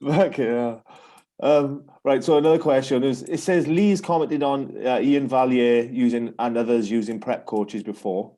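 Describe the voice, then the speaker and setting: A man's voice: medium pitch, steady tone, a little slow, dark tone. A man hosting a podcast, giving short reactions and reading out listener questions. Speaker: podcast host. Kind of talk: casual interview.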